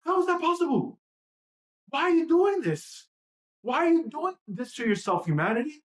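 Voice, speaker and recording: A woman's voice: high voice, big pitch swings, normal speed. A woman ranting during a livestream: heated and profane, firing off repeated rhetorical questions. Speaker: livestream host. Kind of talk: impassioned livestream rant.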